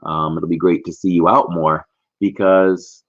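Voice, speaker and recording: A middle-aged man hosting a casual livestream from a warm room at home, chatty and greeting viewers by name. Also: sits low, level tone, measured pace. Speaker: livestream host. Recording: slightly dull lo-fi stream audio.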